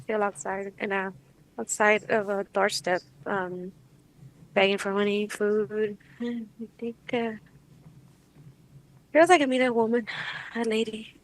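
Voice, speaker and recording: A woman client under hypnosis describing what she sees in a hesitant, halting way, full of pauses. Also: mid-range voice, fairly even intonation, rough recording. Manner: hesitant, halting, dreamy speech with pauses and restarts.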